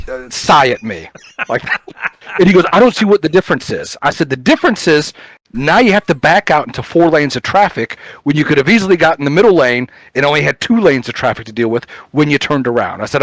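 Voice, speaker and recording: A man co-hosting a casual podcast, telling work stories with animated quoted dialogue and frequent fillers. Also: medium pitch, no echo, rough recording. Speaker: podcast co-host, police officer. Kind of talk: casual chat, storytelling.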